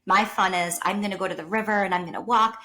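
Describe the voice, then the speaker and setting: A woman teacher with a New York accent, a podcast guest telling lively personal stories and acting out the people she quotes. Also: medium pitch, fast. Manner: animated storyteller, voices quoted people, sometimes drops to a whisper. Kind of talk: casual conversation.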